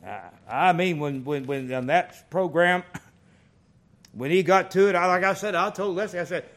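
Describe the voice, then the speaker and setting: A middle-aged man preaching a sermon, folksy and animated, telling stories with big swings in loudness. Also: high voice, normal speed.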